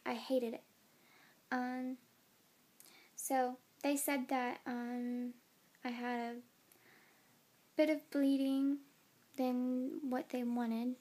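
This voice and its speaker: A young woman with a somewhat high voice tells her story into a phone camera. She sounds tired and yawns now and then. She talks casually, with plenty of fillers. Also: creaky, darkish tone, slight background noise. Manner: chatty, many "like" and "um" fillers. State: tired, yawning. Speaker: new mother.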